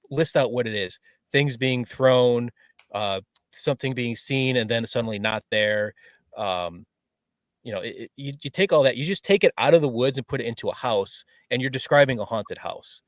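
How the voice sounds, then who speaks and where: A man talks through his thoughts calmly and asks a guest a considered question, with the odd dry quip. His pitch is ordinary for a man. The recording is dry and close. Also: no room sound. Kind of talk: casual interview chat.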